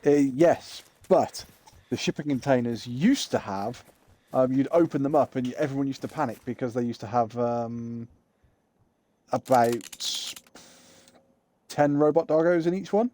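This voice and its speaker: A man rambles excitedly through a casual gaming stream in a voice of ordinary pitch. Game sounds roar clearly behind him. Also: measured pace, slight background noise. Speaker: streamer playing a survival shooter. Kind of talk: casual gameplay chat.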